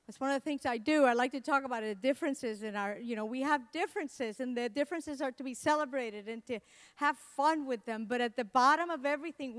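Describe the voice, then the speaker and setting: A middle-aged woman from Latin America giving a comedic keynote talk, telling animated stories and acting out the people she quotes. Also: high-pitched, brisk. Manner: animated storytelling, acts out quotes. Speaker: keynote speaker.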